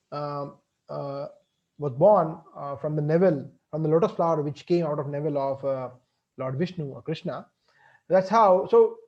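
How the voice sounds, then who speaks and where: A man's voice: fairly high pitch, muffled recording. A man gives a devotional lecture, explaining with everyday examples and frequently checking in with "right?". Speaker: spiritual teacher.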